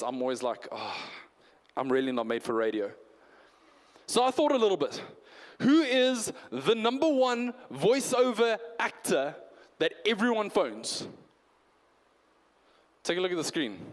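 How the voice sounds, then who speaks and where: Chatty preacher in a reverberant hall. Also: male voice, high-pitched. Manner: conversational, animated, asks the congregation questions. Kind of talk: New Year's Eve sermon. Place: church hall.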